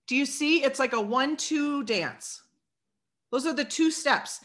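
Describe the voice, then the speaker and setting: Bright, energetic woman giving a sales pep talk. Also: high-pitched, normal speed. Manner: energetic, preachy, plays out sales dialogue. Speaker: sales team leader. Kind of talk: motivational talk.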